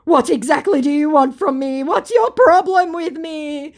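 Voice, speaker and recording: A woman putting on the voice of a whiny, childish male scammer who pleads and complains in a high, drawn-out whine. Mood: whining. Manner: mocking parody of the quoted speaker.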